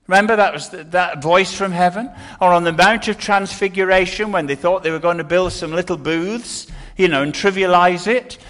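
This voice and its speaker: A man's voice: sits high, animated, moderate pace, fairly bright tone. An older man preaching an earnest sermon, often restarting his words.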